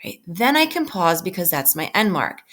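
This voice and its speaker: A woman teacher giving a recorded reading lesson to children, patient and slowing down to stress key phrases, often checking in with "right?". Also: on the low side, big pitch swings, fairly bright tone. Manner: patient, with frequent tag "right?". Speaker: elementary school teacher.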